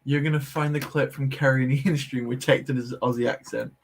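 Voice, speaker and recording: A man's voice: mid-range voice, steady tone, a little fast, a little hiss or hum. A man hosting a casual livestream, chatting with viewers while tinkering with a build, laughing easily and poking fun at himself. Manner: laughs easily, self-deprecating. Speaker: Lego livestream host.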